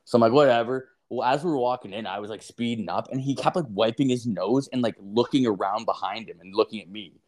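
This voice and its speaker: A man's voice: medium pitch, quick pace, hardly any pauses, a little mellow. A man co-hosting a podcast, telling a long story in casual chat, full of swearing and filler words. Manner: rambling profane storytelling, heavy filler. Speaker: podcast co-host.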